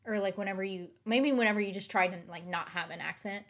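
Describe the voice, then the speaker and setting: A woman's voice: medium pitch, quick pace, a bit bright. Woman, young adult, faint Southern US accent, casual livestream chat, rambling, restarts. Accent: Southern US, covered up. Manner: rambling, filler-heavy, with frequent restarts.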